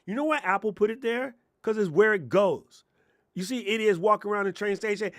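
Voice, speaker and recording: A male content creator gives casual tech tips on a livestream tutorial, his slightly high, a-bit-bright voice moving a little fast. Picked up by a chest lapel mic, the sound is dry and close with no room sound. He rants sarcastically, jokes, does mocking voices, and mutters laid-back while working the computer.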